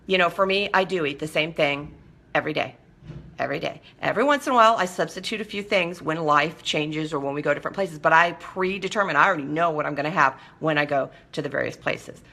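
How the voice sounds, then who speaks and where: A woman's voice: sits low, fast talker, vocal fry, sharp tone. A middle-aged woman hosting a live show, chatting casually with viewers and coaching them in a direct, firm way.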